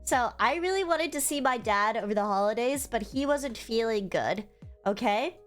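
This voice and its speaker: A woman's voice: on the high side, expressive, moderate pace. A young woman streamer telling a story in casual, rambling livestream chat, emotional and swearing freely. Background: faint music.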